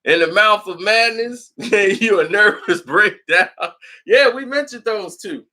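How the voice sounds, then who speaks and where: A man's voice: sits high, lively intonation, unhurried, pushed and bright. A man from Chicago hosting a casual horror movie livestream, laughing often and acting out scenes as he talks.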